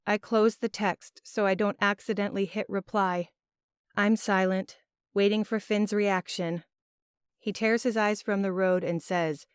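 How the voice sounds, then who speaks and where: A woman narrating a first-person audiobook in an expressive, emotional storytelling manner. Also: mid-range voice, measured pace, clean tone, no room sound. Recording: dry, close studio sound.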